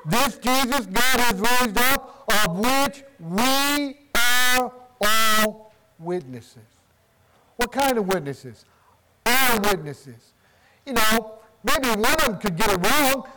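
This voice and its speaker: A man's voice: very high-pitched, animated, slow pace, a loud crowd, rough recording. A man preaching a sermon with emphasis, posing questions and answering them himself. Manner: emphatic, asks and answers his own questions.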